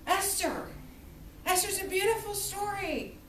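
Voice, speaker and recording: A woman teaching a literature class, lecturing in a lively storytelling manner and acting out quotes. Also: very high voice, a little slow, a little hiss or hum. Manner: animated storytelling with acted-out quotes. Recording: echoey classroom from far off.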